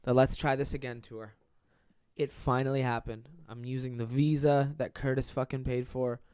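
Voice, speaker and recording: A man's voice: medium pitch, level tone, normal speed, a little mellow, clear, resonant tone, no room sound. Young male comic hosting solo podcast; rambling, swears constantly, self-deprecating; dry close sound. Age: 20s. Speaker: podcast host and stand-up comedian. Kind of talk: casual solo podcast monologue.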